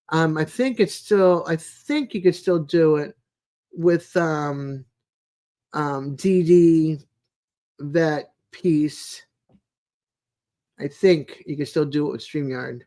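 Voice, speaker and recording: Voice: medium pitch, a little mellow. An adult live streamer in casual, rambling chat, greeting viewers by name and making homey small talk with plenty of fillers. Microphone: home streaming mic, no camera.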